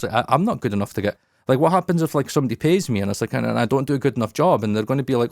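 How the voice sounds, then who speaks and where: A man's voice: medium pitch, racing, gravelly, dry recording. Candid, swearing man, dry sound. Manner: profane, candid, animated. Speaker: podcast host. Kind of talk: casual podcast talk. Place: his recording studio.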